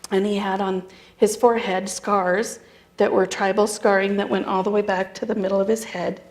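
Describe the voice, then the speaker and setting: A middle-aged American woman giving a spiritual talk, telling a story in a conversational, animated way and acting out the dialogue. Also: mid-range voice, moderate pace. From United States. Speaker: spiritual practitioner speaker. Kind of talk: sermon storytelling.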